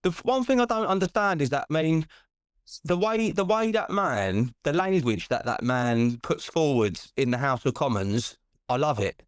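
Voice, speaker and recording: A British man talking as a podcast guest, indignant and animated, often restarting and asking "do you know what I mean". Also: a little high, moderate pace, clear, resonant tone, no echo, studio quality. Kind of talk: casual podcast chat.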